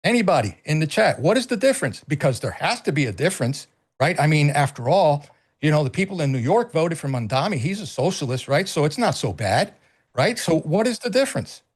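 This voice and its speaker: A middle-aged man with a high voice talks politics on a casual stream. He speaks emphatically, repeats himself and swears freely. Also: big pitch swings, fairly quick, breathy edge. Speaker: co-host.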